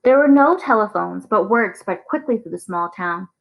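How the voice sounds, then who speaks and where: A woman reading a novel aloud at a steady storytelling pace. Her voice sits at a middle pitch with a noticeable gravelly fry at phrase ends. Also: normal speed, narrow, tinny audio. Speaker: reader.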